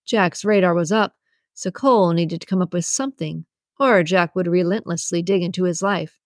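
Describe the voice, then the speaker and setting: A woman narrating a romance audiobook in a steady, even storytelling manner. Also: on the low side, moderate pace, no room sound, clean studio sound. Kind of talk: scripted narration.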